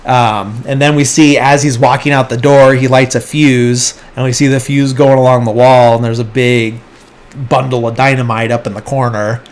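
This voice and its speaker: A podcast host with a mid-range male voice speaks at an ordinary pace with little rise or fall in pitch. He casually and loosely recaps a movie's plot, rambling along and briefly acting out the characters' lines.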